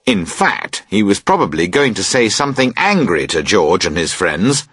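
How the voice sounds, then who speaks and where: Male audiobook narrator, husky and expressive, for a learner-level story. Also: low voice, normal speed, no echo, studio quality. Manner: expressive, voices characters. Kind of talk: audiobook reading of a graded reader.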